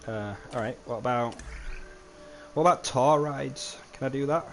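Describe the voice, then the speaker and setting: A young man giving live gameplay commentary as a streamer, chatty, with frequent swearing and sudden excited outbursts. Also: medium pitch, moderate pace, slight background noise. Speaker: livestreamer.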